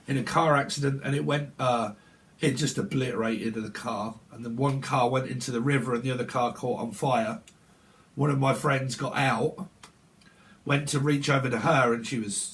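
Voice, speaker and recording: A man doing a casual psychic reading, rambling through names and laughing between thoughts. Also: medium pitch. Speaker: tarot reader.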